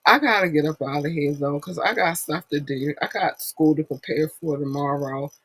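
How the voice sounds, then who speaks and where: A woman's voice: low voice, normal speed, slightly rough, rough recording. A woman hosting a podcast, giving a blunt, profane, rambling pep talk in a casual monologue. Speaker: podcast host.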